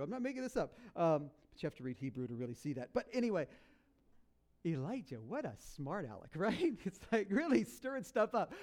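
A man with a high voice preaching a sermon. He tells a story with humor and energy and keeps breaking into playful character voices. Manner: animated, jokey storytelling with put-on voices. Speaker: pastor.

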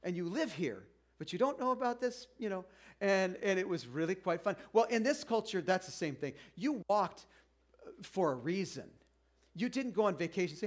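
A middle-aged pastor with a noticeably high voice delivers an informal sermon. He speaks conversationally, stumbling and restarting mid-sentence, and slips into the voices of doubting listeners to make his point. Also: very animated. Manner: informal, halting with restarts, acts out listeners' objections.

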